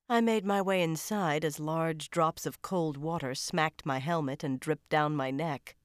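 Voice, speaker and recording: A low-voiced woman reading a first-person thriller aloud, tense and dramatic. Her delivery is close and controlled. The recording is very dry, with no room sound. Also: measured pace, few pauses, smooth, dry recording. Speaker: audiobook narrator. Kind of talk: first-person audiobook narration.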